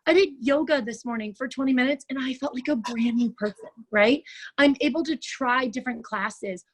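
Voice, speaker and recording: Peppy high-voiced woman coaching a video call. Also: moderate pace, poor audio. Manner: peppy, chatty, says "like" and "right?" a lot. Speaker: fitness coach speaking at a virtual brunch. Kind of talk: upbeat motivational talk.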